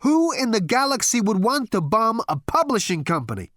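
A brash, excitable male ex-president of the galaxy yelps and wisecracks in a high, loud voice. His pitch leaps about wildly. The recording is dry and close. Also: a little slow, dry recording. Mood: excited alarm.

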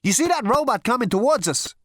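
A brash, excitable male ex-president of the galaxy yelps and wisecracks in a high, loud voice. His pitch leaps about wildly. The recording is dry and close. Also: a little slow, no echo. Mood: excited alarm.

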